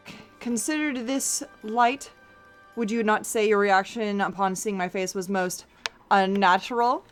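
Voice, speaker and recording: A woman reading game dialogue aloud as a pompous, theatrical gentleman detective who declaims every line. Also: mid-range voice, a little slow, soft background music, lightly acted. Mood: smug.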